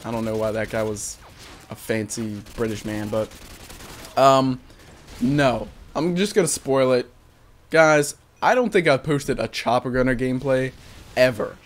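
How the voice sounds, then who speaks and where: Young male gamer, mid-pitched, loose and profane, narrating his match with a self-mocking grin. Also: a little slow. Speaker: gaming commentator. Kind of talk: casual voice-over commentary on gameplay.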